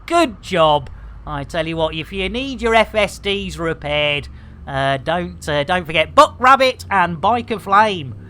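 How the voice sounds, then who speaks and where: A woman's voice: fairly low pitch, animated, a little slow, pushed and bright. A woman streaming a space game live, rambling through bawdy jokes and banter. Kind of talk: casual live gameplay commentary.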